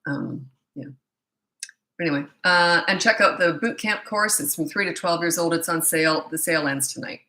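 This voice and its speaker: Blunt, bright-voiced woman parenting coach. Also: lowish voice, moderate pace, reverberant. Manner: blunt and opinionated, reading out questions then answering. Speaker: parenting coach answering viewer questions. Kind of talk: live Q&A, casual and blunt.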